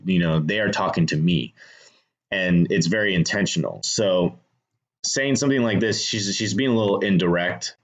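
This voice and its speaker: A man with a very low voice talks casually through his screenplay edits. He thinks aloud, restarting sentences and filling pauses as he goes. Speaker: screenwriter teaching revision. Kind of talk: casual instructional talk.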